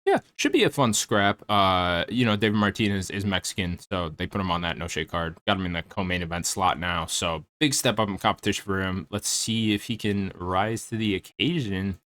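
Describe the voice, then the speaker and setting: A man's voice: deep voice, normal speed, few pauses, fairly bright tone. A young man casually previewing upcoming fights, rambling and laid-back with lots of fillers and some swearing. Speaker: MMA commentary YouTuber.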